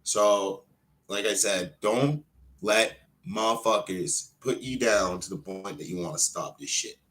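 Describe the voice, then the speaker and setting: A wrestler hosting his own show, ranting in an unscripted way, full of swearing, with sudden loud outbursts that drop back to muttering. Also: fairly low pitch, measured pace. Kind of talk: unscripted profane rant.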